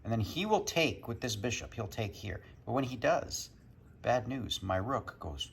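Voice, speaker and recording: A man's voice: medium pitch, animated, normal speed, creaky. A man chatting casually to camera in a home vlog, joking as he goes, with a little wind and noise behind him. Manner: chatty, joking, talks to his dogs. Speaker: vlogger, poker player. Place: home, backyard and indoors.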